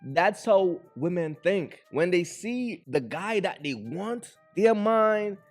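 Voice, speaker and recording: A man's voice: high voice, lively intonation, takes it slowly. A man giving blunt reaction commentary on a clip, lecturing his listeners as "bro" and "fellas" with faint music behind him.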